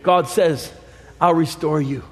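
A man preaching a sermon, swinging between quiet low passages and fervent shouting. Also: steady tone, slow, noisy background. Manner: shouting, rising fervor with quiet low stretches. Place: church sanctuary. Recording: long hall reverb, faint congregation.

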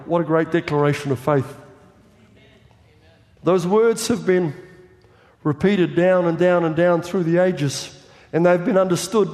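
A man preaching a fervent sermon, building up to shouts as he presses his point. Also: sits high. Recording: long reverb of a large hall.

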